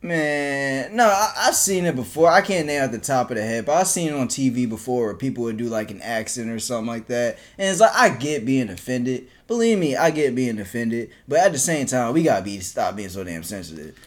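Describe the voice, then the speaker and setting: A man co-hosting a casual podcast chat, animated, repeating himself and laughing often. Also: mid-range voice, a little fast, hardly any pauses. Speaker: co-host.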